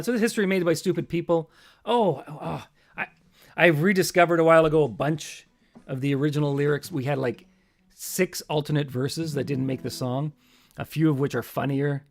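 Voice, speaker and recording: A man's voice: on the high side, gravelly. A man hosting a live stream from his home, chatting between songs in a rambling, self-mocking way and muttering to himself.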